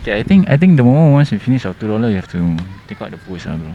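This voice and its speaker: A man's voice: mid-range voice, very animated, very fast, muffled recording, slight background noise. A man with a Singaporean English accent co-hosting a casual podcast, laid-back and chummy, calling his partner "bro". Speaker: nurse podcast co-host. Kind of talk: casual chat. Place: outdoors in a public spot by the road. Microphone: headset mic.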